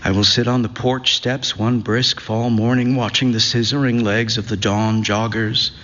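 Reading literary fiction aloud, a male narrator speaks at an ordinary pitch in a slow, measured, reflective manner, though his delivery is flat and his tone fairly bright. Each phrase leaves a long reverb tail on a dull, slightly muffled recording.

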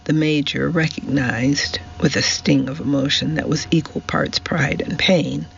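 A man narrating a novel for a radio reading service in a measured storytelling manner. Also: a little high, creaky, fairly bright tone. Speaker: audiobook narrator. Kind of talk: scripted narration. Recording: slightly muffled with faint hiss.

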